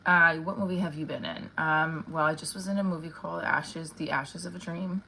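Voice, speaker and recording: A woman's voice: low-pitched, fairly even intonation, normal speed, creaky, bright, forceful tone, a little hiss or hum, low-quality recording. A woman who is an actress chatting casually on her live stream, rambling and candid, with lots of fillers and casual swearing.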